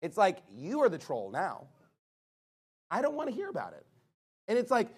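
A man's voice: sits high, huge pitch swings, normal speed, long pauses, slightly rough. A man preaching a sermon, emphatic and blunt, driving points home with rhetorical questions he answers himself.

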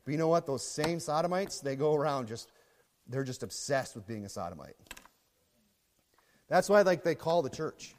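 A man preaching a sermon as pastor, swinging between low muttering and loud shouting. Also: animated, moderate pace, pauses often, in a large hall.

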